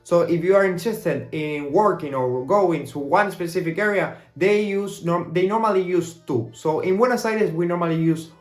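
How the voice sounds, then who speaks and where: Argentine Spanish teacher with a slightly high voice. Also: male voice, faint music behind. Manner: slows down to model Spanish words, repeating each twice. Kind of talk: language lesson. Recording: roomy echo.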